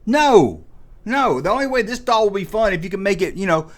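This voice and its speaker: A man's voice: sits high, sing-song, a little fast. A man in his forties hosting a comedic rant, sarcastic and full of mock exasperation. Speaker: host.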